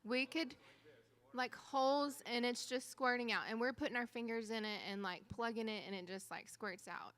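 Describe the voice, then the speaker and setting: Bright-voiced woman sharing a testimony. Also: on the high side, normal speed. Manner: animated storytelling with quoted dialogue. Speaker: missionary speaker. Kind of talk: church testimony.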